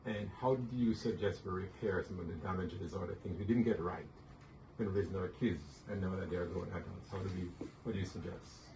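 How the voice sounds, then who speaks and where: A man's voice: deep voice, fairly quick, a little mellow. A man hosting an interview, asking questions and giving encouraging affirmations. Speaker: host. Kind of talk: casual interview talk. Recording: echoey room from far off with noise.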